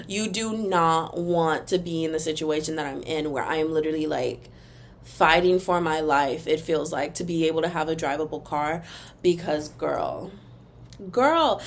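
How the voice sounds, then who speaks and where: Rambling young woman podcaster, low voice. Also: a little hiss or hum. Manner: animated, emphatic, rambling, sings a taunting chant. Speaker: podcast host. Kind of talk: casual solo podcast rant.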